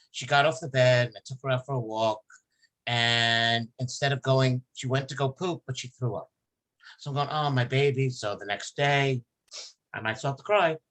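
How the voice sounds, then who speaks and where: A man's voice: medium pitch, a bit bright. A man hosting a podcast, telling a long, emotional personal story in casual chat, rambling with many restarts. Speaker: podcast host.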